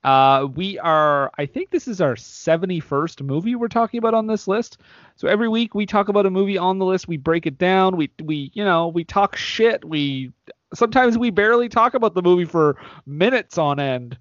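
A man's voice: high voice, animated, normal speed, no echo, dull audio. Playful man co-hosting, dry close sound. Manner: playful, jokey. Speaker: podcast co-host. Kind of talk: casual comedic chat.

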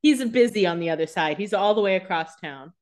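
A woman's voice: medium pitch, animated, brisk, a little mellow. A woman co-hosting a podcast, adding wry, joking comments in casual chat. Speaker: podcast co-host.

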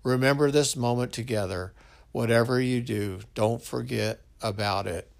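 A man voicing a dying elderly wife, speaking softly and gently. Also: mid-range voice, normal speed, gravelly, lightly acted. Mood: tender. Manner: soft, gentle delivery.

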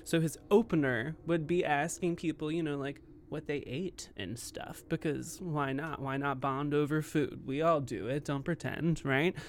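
A man's voice: on the high side, fairly even intonation, normal speed, hardly any pauses, slight background noise. A man in his twenties co-hosting a podcast, telling a story in a rambling, self-mocking way. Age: 20s. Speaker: podcast co-host. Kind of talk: casual chat.

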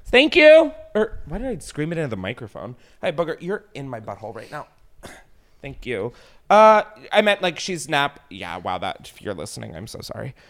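A man's voice: medium pitch, a little fast. A man hosting a podcast, tipsy on wine, telling crude, rambling stories in casual chat. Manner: crude, rambling, lively storytelling.

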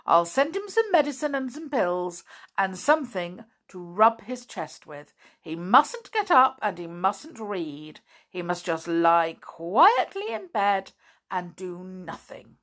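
A woman voicing a bossy, cheerful male animal doctor who is secretly a sham, speaking briskly and with mock gravity. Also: medium pitch, very animated, fairly bright tone. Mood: brisk, mock-grave. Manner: brisk, bossy and gleefully grave.

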